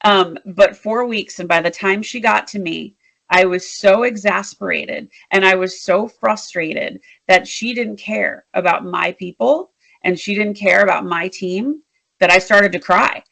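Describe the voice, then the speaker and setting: A woman interview guest, a leadership strategist, telling work stories in an animated, emphatic way. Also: mid-range voice, measured pace, creaky. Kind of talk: storytelling in a conversational interview.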